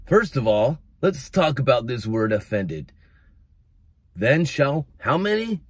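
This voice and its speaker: A man from the United States preaching a casual video sermon, animated and building to near-shouts on his emphatic points, mocking the voices he quotes. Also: medium pitch, slow pace, slightly rough, no room sound.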